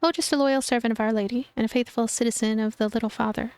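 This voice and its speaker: A woman voicing a kindly male street priest in a video game, speaking gently and soothingly. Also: on the high side, steady tone, quick pace, clean tone, no echo, lightly acted. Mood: gentle.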